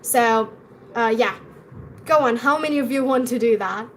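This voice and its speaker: A young woman with an Indian English accent and a high, bright voice, chatting eagerly and repeating herself as she teaches accents on a live stream. A light hiss sits faintly under her voice. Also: normal speed.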